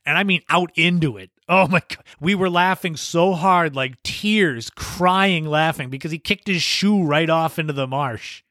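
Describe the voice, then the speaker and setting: Podcast host, male, raised pitch, laid-back anecdotal delivery with laughs, dead-dry sound. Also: bright, forceful tone, dry recording. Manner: laughs while telling anecdotes. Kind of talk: casual storytelling monologue.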